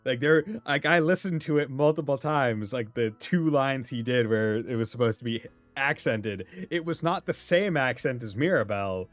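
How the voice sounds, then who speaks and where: A man's voice: mid-range voice, dry recording, faint music behind. Massachusetts guy streaming a game, rambly and chatty, laughs a lot, plain middle voice. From Massachusetts, USA. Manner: rambling, chatty, laughs often, talks in quick bursts. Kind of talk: casual chat while playing a game.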